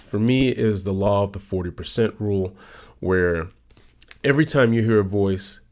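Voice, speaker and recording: A man hosting a motivational channel, talking emphatically about a book and repeating his key points. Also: a little mellow. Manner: emphatic and repetitive, voice jumps up high when stressing points.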